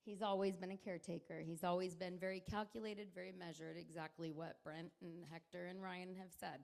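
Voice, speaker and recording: A woman's voice: on the low side, steady tone, a little fast, gravelly, darkish tone. A middle-aged woman, the groom's mother, giving a wedding toast at a reception, rambling and laughing through tears.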